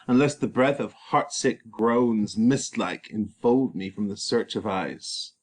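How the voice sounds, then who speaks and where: A man's voice: fairly low pitch, slow. A man voicing a despairing young man in a reading of a stage play, declaiming verse with anguish. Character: grief-stricken young male lover, despairing.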